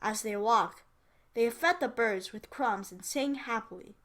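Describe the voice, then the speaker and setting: Lady reading a storybook slow, high bright voice, for english class. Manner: slow, clear reading aloud, with small asides.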